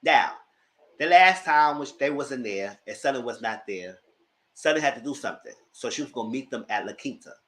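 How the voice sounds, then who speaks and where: A man giving a casual spoken recap of reality TV shows at home, colloquial and animated. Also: normal speed. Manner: animated, mocks people in high put-on voices; colloquial, with "y'all". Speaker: commentator.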